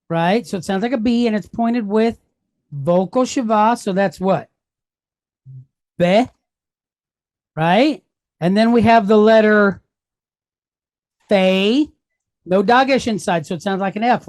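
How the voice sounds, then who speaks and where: A woman's voice: medium pitch, slow pace, pauses often, a little mellow, no echo. A woman teaching a Hebrew lesson, going patiently step by step and asking questions that she then answers herself. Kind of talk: classroom lesson.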